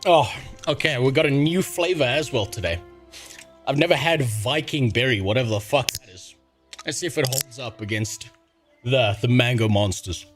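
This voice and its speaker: A man's voice: medium pitch, normal speed. A man ranting and joking with heavy swearing, as the host of a casual livestream, over faint music. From South Africa. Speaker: streamer.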